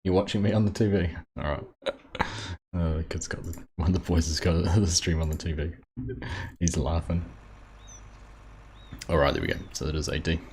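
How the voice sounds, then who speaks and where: A man's voice: low voice, fairly even intonation, normal speed, pauses often, a little mellow, husky. A man hosting a live game stream, chatting casually and greeting viewers by name as he plays. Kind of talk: casual live-stream commentary while playing.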